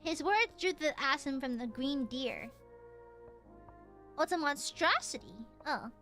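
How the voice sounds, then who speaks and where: Playful high-voiced woman streamer. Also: expressive, a little slow, fairly bright tone, soft background music. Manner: playful, crude, laughs often. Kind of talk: casual game streaming chat.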